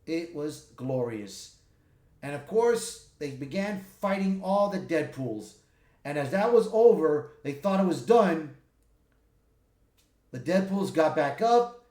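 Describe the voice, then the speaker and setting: Guy recapping a movie, high lively voice, jumps into loud squeaky impressions, echoey room. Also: slow pace. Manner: animated retelling with loud, high character impressions. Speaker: movie reviewer. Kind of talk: casual spoken movie recap.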